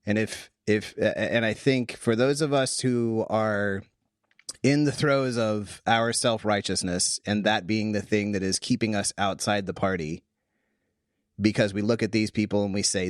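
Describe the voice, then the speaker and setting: A man hosting a podcast, talking through a Bible passage casually, animated and full of restarts. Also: fairly low pitch, moderate pace, no room sound, clean studio sound. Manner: animated, thinks aloud with restarts. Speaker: podcast host.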